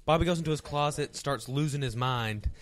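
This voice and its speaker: A man who wrestles, a podcast guest, telling stories in animated casual chat and laughing as he goes. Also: mid-range voice, brisk, a little hiss or hum.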